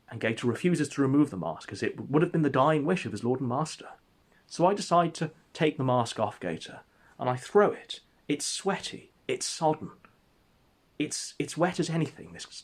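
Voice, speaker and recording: A man narrating an absurd comic story in a deadpan, mock-epic way. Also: medium pitch, normal speed, husky. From England.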